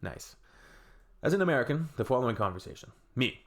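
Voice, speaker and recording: A man's voice: mid-range voice, big pitch swings, fairly quick. A man from Canada hosting a reaction video, reading comments aloud with wry, sarcastic asides.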